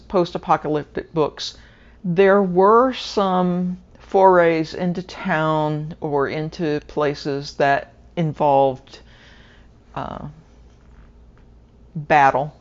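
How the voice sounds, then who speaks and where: A woman from Southern Arkansas talking casually about books she has read, wandering a little and pausing with fillers to recall details. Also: low voice, dull audio. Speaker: book reviewer. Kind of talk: casual book review monologue.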